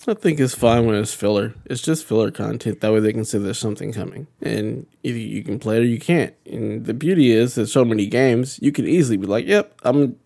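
A man with a low, gravelly voice talks through a casual podcast conversation. His tone is dark and mellow, and he speaks in a relaxed, matter-of-fact way. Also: fairly quick, hardly any pauses, no echo, clean studio sound. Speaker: podcast co-host. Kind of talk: casual chat.

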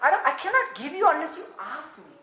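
A man's voice: very high-pitched, sing-song, fast, sharp tone, exaggerated voice. A man preacher voicing a generous heavenly father who coaxes people to ask. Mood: coaxing. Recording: very echoey hall.

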